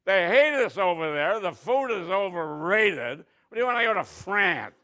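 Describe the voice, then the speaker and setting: A man's voice: high-pitched, sing-song, normal speed, pushed and bright, heavily acted. A man voicing a cynical, grumpy male hairdresser who barks scoffing questions.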